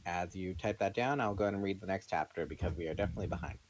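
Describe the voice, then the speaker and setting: A man reading a novel aloud on a stream, in a plain, steady delivery, breaking off for casual chat with a co-host. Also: sits low, rapid-fire, low-quality recording.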